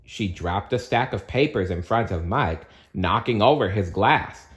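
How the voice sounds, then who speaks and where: Slow, expressive man reading a storybook. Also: lowish voice. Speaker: narrator. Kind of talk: storybook read-aloud.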